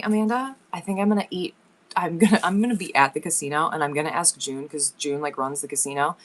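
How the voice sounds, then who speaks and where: Chatty woman with a lowish voice. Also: fairly bright tone. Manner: rambling, chatty, asides to her household. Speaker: live seller. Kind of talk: casual livestream chat. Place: home.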